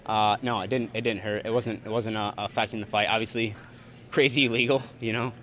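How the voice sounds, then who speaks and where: Man, young adult, fast, blunt, profane, repetitive, post-fight interview. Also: fairly low pitch, steady tone, fairly bright tone. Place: arena backstage press area.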